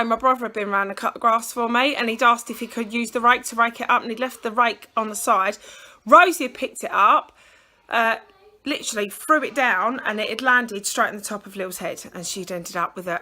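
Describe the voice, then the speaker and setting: British mum vlogger, 30s, bright and chatty, handheld camera at home. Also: female voice, fairly high pitch, a little fast. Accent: British English. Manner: chatty, rambling, lots of ums. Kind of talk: casual vlog chat to camera. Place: at home and out at the shops.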